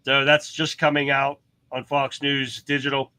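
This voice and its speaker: A man's voice: mid-range voice, monotone, moderate pace, sharp tone, clean tone, no room sound. A man hosting a livestream, giving casual commentary in a rambling, chatty way. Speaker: livestream host.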